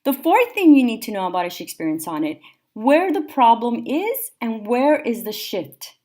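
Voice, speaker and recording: Woman teacher, slightly high voice, steady methodical lecture delivery. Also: normal speed. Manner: clear, methodical, steady explaining. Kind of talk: recorded classroom lecture notes.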